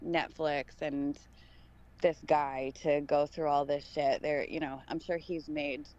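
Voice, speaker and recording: A woman's voice: deep voice, steady tone, slow, darkish tone, lo-fi sound. A woman co-hosting a live podcast stream, chatting casually, blunt and playful and swearing freely. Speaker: podcast co-host.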